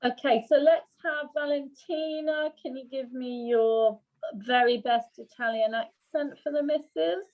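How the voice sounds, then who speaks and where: A woman directing a script read-through in a brisk, encouraging way. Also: high voice. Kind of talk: rehearsal direction. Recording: tinny phone-like line.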